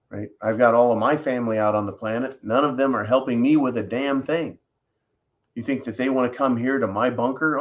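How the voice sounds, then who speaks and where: A man's voice: mid-range voice, fairly quick, dull audio. Blunt sarcastic guy ranting on his own show, keeps going "right?". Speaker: host. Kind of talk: opinion commentary monologue.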